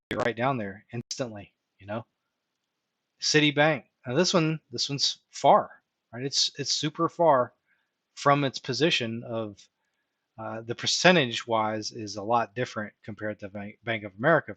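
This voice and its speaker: A man hosting a live stream, walking viewers through his reasoning out loud and often checking in with "right?". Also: mid-range voice, dry recording. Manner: thinks aloud, tags points with "right?". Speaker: live-stream host teaching stock options. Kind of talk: unscripted live-stream walkthrough.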